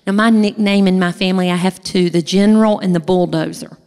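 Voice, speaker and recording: A middle-aged woman from the United States telling a personal story in a lively way, acting out what other people said. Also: lowish voice, fairly quick, creaky. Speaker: speaker sharing a personal testimony. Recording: long reverb of a large hall.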